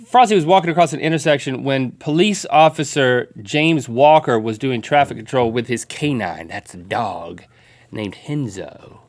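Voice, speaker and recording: A man co-hosting a studio talk show, retelling stories with deadpan quips in casual comedic banter. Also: mid-range voice, normal speed. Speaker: co-host.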